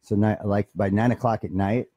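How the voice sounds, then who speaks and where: A man's voice: lowish voice, fairly even intonation, moderate pace, mellow, no echo. A man who runs a guitar shop, talking in a rambling, profane and boastful way. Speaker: guitar shop owner and bassist. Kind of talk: casual comedic monologue.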